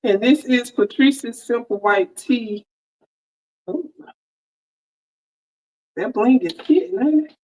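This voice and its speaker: A woman's voice: fairly high pitch, animated, slow pace, pauses often, darkish tone, low-quality recording. A woman hosting a casual sewing livestream, chatty and friendly, greeting viewers by name, on a headset mic. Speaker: livestream host, sewing crafter. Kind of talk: casual live-stream chat greeting viewers.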